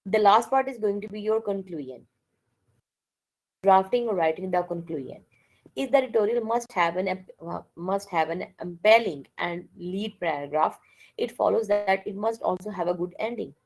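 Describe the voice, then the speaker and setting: A woman's voice: mid-range voice, normal speed, a little mellow, rough recording. A woman giving a classroom lecture, mixing languages and often checking with "okay?". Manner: code-switches and keeps checking with "okay?".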